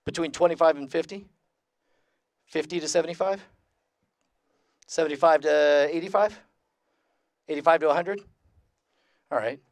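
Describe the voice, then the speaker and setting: A man with a fairly high voice gives a joking, high-energy lecture to a big convention crowd. He keeps quizzing the room and laughing along with the audience. His voice sounds close and dry, with little room sound. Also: no echo. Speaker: lecturer at a skeptics convention panel. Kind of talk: comedic skeptic lecture to a live audience. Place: large convention room with about two hundred people.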